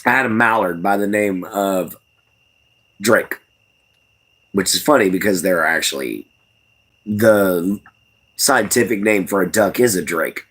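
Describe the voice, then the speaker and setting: A man's voice: low-pitched, a little slow, long pauses, fairly bright tone, husky. A young man with a Southern US accent, chatting in a rambling, folksy way on a livestream and chuckling as he answers the chat. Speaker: livestream host.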